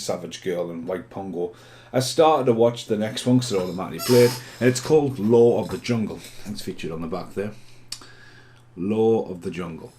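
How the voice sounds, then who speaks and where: A man's voice: sits low, a little mellow. A man rambling casually through a film review vlog, swearing a lot and laughing at the films.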